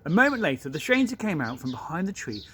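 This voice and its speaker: A man's voice: fairly high pitch, very animated, fast talker, fairly bright tone, a little hiss or hum. Man reading a story aloud to a class. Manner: chatty asides to listeners. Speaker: teacher.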